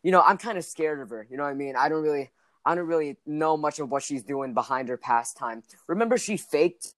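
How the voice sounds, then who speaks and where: A man's voice: a little high, a little fast, dry recording, studio quality. A teenage boy chatting casually on a podcast, joking crudely and rambling with lots of restarts. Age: teens. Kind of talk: casual chat.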